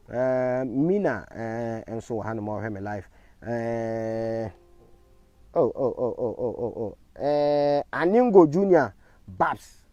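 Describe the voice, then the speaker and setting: Speaking with a Ghanaian accent, this man gives a defiant live-stream address as an online commentator. He swings from booming proclamations to low, muttered thank-yous aimed at his audience.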